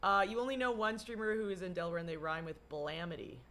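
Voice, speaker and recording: A young adult woman livestreaming with a slightly hoarse voice, rambling and swearing casually while she greets her chat. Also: on the low side, quick pace, fairly bright tone.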